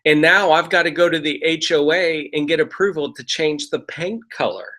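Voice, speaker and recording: A man's voice: fairly high pitch, moderate pace, pushed and bright. A middle-aged man telling a real estate investing story as a casual lesson, talking conversationally and often checking in with "right?".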